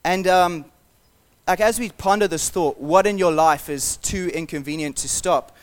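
A man delivers a sermon in a relaxed, conversational tone. His voice sits a little higher than most men's. He talks earnestly and encourages his listeners. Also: unhurried. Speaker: pastor.

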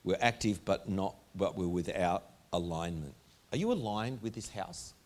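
A man's voice: deep voice, lively intonation, normal speed. Male pastor preaching in church, punchy and repetitive, keeps firing questions at the room. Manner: emphatic, repetitive rhetorical questions. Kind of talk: sermon. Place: church hall before a congregation.

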